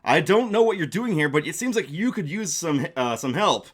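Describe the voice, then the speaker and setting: A man's voice: on the high side, animated, moderate pace, a bit bright. A man voicing a friendly, chatty male accordion dragon who talks in a folksy, reassuring way.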